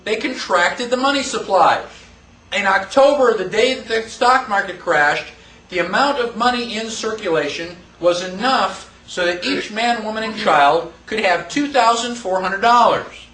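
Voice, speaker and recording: A man teaching a class in a lively lecture, quizzing the students and acting out quotes. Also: sits high, a little slow, slight background noise. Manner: animated, asks the class questions, acts out quotes. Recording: echoey room, voice from far off.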